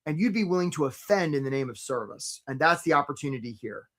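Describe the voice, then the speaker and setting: A man hosting a live career webinar, coaching casually with jokes and giving shout-outs to viewers by name. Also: fairly high pitch, quick pace. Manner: energetic and joking, breaks into short mocking impressions of job seekers.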